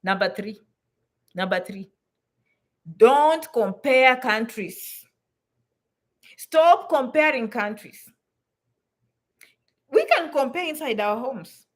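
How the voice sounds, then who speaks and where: Woman, high voice, blunt, emphatic, repeats herself for stress, advice vlog. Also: expressive, takes it slowly, long pauses. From Africa. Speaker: vlogger giving advice to immigrants. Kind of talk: direct-to-camera advice talk.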